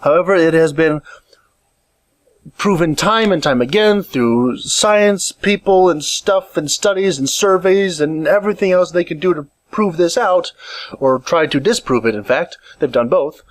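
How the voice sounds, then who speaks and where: Seated in a home room, a man hosts a podcast alone, speaking a little slowly in an animated, higher voice with no room sound. He rambles, restarts frequently, and gestures as he talks into a condenser mic with a makeshift pop filter.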